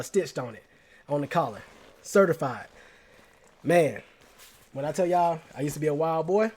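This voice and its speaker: A young man with an Atlanta Southern accent telling stories casually to the camera, slangy and animated, repeating himself. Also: a little high. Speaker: vlogger.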